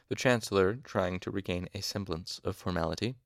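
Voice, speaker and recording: Male fan audiobook reader, low gravelly voice, dry close sound. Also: fairly quick, few pauses, no echo. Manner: casual asides, mild exasperation at hard names.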